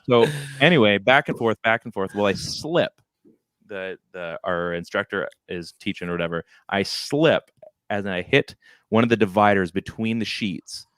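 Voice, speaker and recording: Man, podcast co-host, low register, dead-dry close mic, animated rambling storyteller. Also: normal speed, smooth, dry recording. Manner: animated, rambling anecdote with self-deprecating laughs. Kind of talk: casual storytelling chat. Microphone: close studio microphone.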